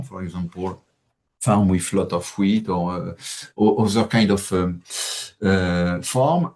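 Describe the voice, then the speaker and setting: A man with a French accent, French his first language, gives a halting webinar presentation full of fillers. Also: on the low side. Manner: halting, many fillers, uneven loudness. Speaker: presenter from a crop institute.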